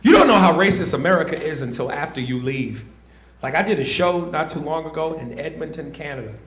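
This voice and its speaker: Loud, high-voiced stand-up comic man. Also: brisk. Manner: loud, animated, bursts into shouted grunting noises; profane, punchy delivery with crowd address. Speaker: stand-up comedian. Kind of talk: stand-up comedy set. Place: comedy club stage. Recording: echoey club with audience ambience.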